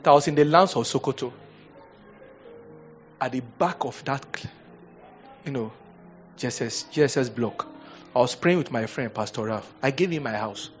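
A middle-aged man with a Nigerian English accent preaching a sermon as pastor, moving between loud exhortation and quiet storytelling, laughing often. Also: mid-range voice, normal speed, long pauses, faint music behind.

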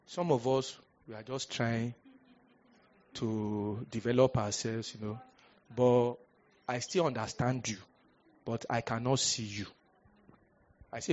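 A male pastor with a Nigerian accent preaching a storytelling sermon. He is animated and humorous, slips into pidgin and bursts out loudly at times. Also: medium pitch, slow pace, long pauses, lo-fi sound. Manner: animated, humorous, breaks into pidgin, sudden loud outbursts.

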